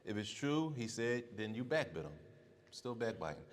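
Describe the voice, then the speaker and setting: A man's voice: on the low side, big pitch swings, moderate pace. A man teaching a casual religious class, repeating his points for emphasis and quizzing the people listening. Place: mosque or community center hall. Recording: long hall reverb.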